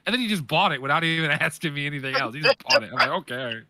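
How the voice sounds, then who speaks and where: A man's voice: on the high side, expressive, noisy background. A man co-hosting a gaming podcast in casual chat, telling stories and teasing with a laugh. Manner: laughing storyteller, quick to tease. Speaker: podcast co-host.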